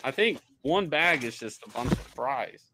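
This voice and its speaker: A man's voice: medium pitch, lively intonation, a little slow, noisy background. A man hosting, in casual chat, giving wry joking commentary on food. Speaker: host.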